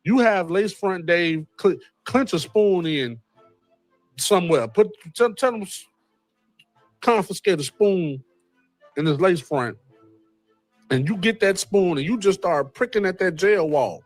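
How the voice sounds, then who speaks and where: A man in a host's chair talks through a court case in a loose, animated way, his voice rising and dropping all over its fairly high range. His joking asides come through dry and close, with faint music behind him. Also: measured pace, long pauses, dry recording. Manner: animated, repeats a catchphrase, wry asides. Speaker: host. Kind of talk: casual commentary on a court case.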